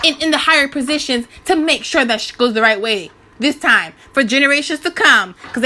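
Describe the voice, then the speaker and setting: A woman in her twenties talks straight to her viewers about spiritual awakening, animated, slangy and preachy, often restarting her sentences. Her voice is bright and sits a little high. A faint hiss runs under the recording. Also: brisk, hardly any pauses. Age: 20s. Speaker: spiritual vlogger. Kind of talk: casual spiritual rant to viewers.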